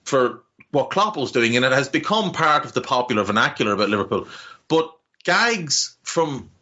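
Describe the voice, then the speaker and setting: A man's voice: mid-range voice, very animated, moderate pace, sharp tone, muffled recording. A man with a Navan Irish accent, co-hosting a podcast in casual chat, rambling and heartfelt with many restarts and casual swearing. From Ireland. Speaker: podcast co-host.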